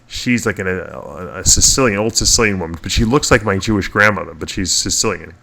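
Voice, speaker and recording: Low, bright-voiced man telling rambling stories. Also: a little fast, vocal fry. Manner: rambling, restarts often, chuckles through stories. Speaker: podcast co-host. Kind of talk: casual storytelling chat.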